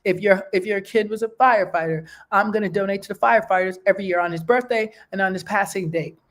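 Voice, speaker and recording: A woman's voice: medium pitch, fast. A woman hosting a show, talking in a casual, heartfelt way and often checking in with "okay?" and "you know". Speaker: host.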